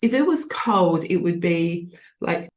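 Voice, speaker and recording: A woman's voice: fairly low pitch, moderate pace, darkish tone. A young adult woman teacher walking students through reading test answers in a chatty, reassuring way. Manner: chatty, reassuring, acts out example voices. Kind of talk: online tutoring lesson.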